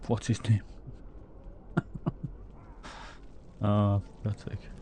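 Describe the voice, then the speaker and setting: A man's voice: lowish voice, completely flat delivery, drawn-out words, warm tone, slight background noise. A man with an Irish accent from the Republic of Ireland, streaming a game and chatting casually with viewers, reading their comments aloud and laughing often. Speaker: livestreamer. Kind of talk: casual chat while gaming.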